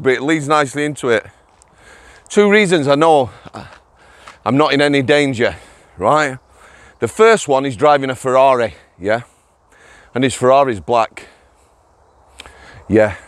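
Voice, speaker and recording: A man's voice: mid-range voice, no room sound. Giggly man vlogging outdoors. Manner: giggly, chatty, keeps addressing viewers. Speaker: vlogger, former prison officer. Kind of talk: casual walking vlog. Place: outdoors on a walk.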